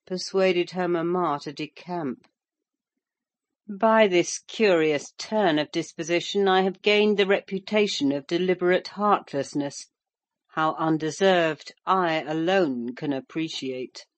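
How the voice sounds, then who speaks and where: An audiobook narrator reading a classic novel in a measured, formal storytelling manner. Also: mid-range voice, no echo.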